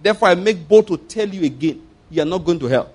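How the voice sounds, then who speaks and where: A middle-aged male pastor preaching a sermon in an emphatic, animated way, often repeating his phrases. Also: high voice, quick pace, husky.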